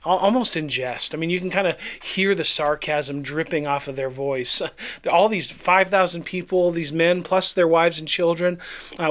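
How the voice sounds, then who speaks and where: Pastor, male, slightly higher voice, relaxed conversational devotional teaching, reads verses aloud. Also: normal speed. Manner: conversational, reads scripture then acts out the disciples.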